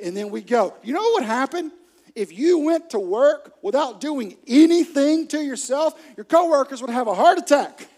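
A male pastor delivers a sermon in a high, bright voice, keeping things lively and funny with quick acted-out quotes. His energy moves between quiet asides and loud bursts.

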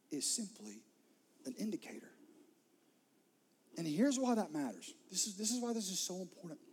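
Husky, mellow-voiced pastor preaching. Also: male voice, on the high side. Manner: earnest, repeats words, drops to near whisper. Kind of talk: sermon.

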